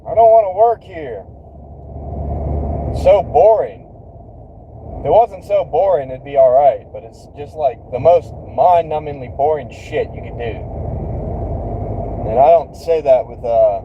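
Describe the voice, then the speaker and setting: A man's voice: mid-range voice, expressive, measured pace, narrow, tinny audio. A man chatting casually to his livestream viewers from work, rambling and joking with plenty of profanity. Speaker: livestream host. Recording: loud vehicle and street noise. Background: vehicle noise.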